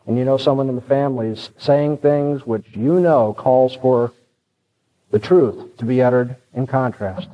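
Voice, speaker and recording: A man's voice: mid-range voice, long reverb tail. A man preaching a sermon in an earnest, direct and explanatory way, addressing his congregation. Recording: dull lo-fi recording.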